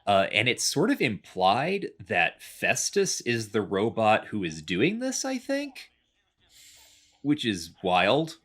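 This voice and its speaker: A man's voice: on the low side, very animated, slow, a bit bright. A man in casual podcast chat, rambling through a game recap with lots of fillers. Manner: rambling, many fillers, chatty explaining. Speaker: podcast co-host.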